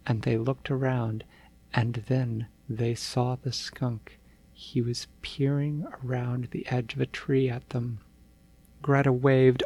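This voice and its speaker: A man reading a bedtime story aloud in a gentle, unhurried storytelling manner. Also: medium pitch, flat delivery, vocal fry.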